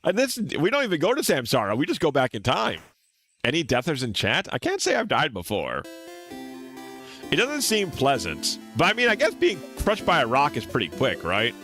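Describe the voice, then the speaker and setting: A man's voice: medium pitch, wildly swooping pitch, moderate pace, over music. A man streaming a game playthrough, reading its dialogue aloud expressively and chatting with viewers.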